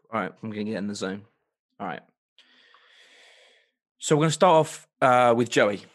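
A man's voice: lowish voice, animated, normal speed, dry recording, studio quality. A man co-hosting a comedy podcast, playfully retelling a story with rambling asides and sound effects. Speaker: podcast co-host.

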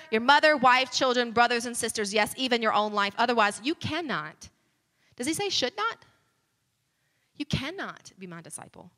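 A woman preaches a sermon in a high, bright voice. She talks conversationally, then builds to fervent emphasis. Her voice rings with the long reverb of a large church hall. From United States.

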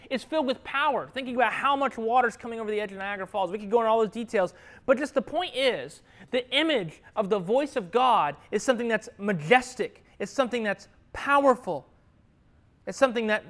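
A man preaching a sermon in an easy conversational way, throwing questions out to the congregation. His voice swings between bright raised lines and soft reflective ones. He laughs easily and keeps the tone friendly. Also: high-pitched. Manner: lively, asks the room questions, laughs easily.

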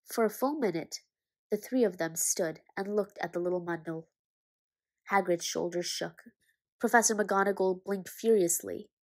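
A woman narrating a children's novel aloud in a measured, expressive storytelling manner. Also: mid-range voice. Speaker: audiobook reader.

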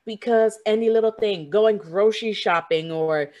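A woman's voice: medium pitch, normal speed, a little mellow, muffled recording. A young woman telling a long personal story in casual conversation, rambling and full of fillers, often quoting what others said to her.

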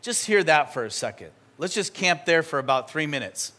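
Animated, conversational male preacher. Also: on the high side, normal speed. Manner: animated, conversational, acts out scenes. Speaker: pastor. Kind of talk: sermon. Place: church sanctuary.

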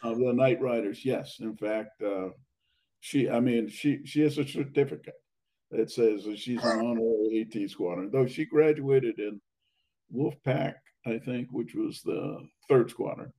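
Slow, halting older man, hoarse. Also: mid-range voice, warm tone, low-quality recording. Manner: hesitant, halting with many fillers and restarts. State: losing his voice, clearing throat. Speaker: interviewee, academy alumnus. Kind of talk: reminiscing conversation.

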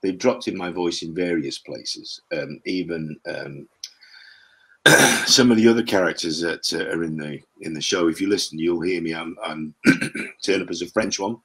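Older man, interview guest, anecdotal, rambling, deep voice, husky. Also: moderate pace, bright, forceful tone. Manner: anecdotal, rambling, with throat-clearing. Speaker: actor, guest. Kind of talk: interview chat, storytelling.

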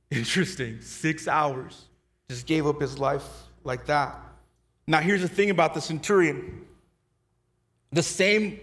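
A pastor preaching a sermon in a conversational way, dropping low and soft to stress key words. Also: male voice.

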